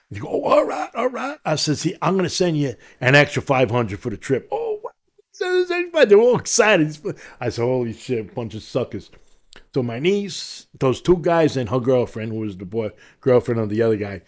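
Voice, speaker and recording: A middle-aged man from Long Island with a New York accent, telling his story as a podcast guest and acting out the voices of the people in it. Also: mid-range voice. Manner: animated, acts out quoted voices in his story. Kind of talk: storytelling in an interview.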